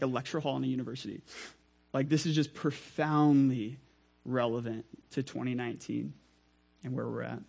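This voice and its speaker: A young man preaching a sermon in a conversational, energetic way, full of asides to the listeners. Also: medium pitch.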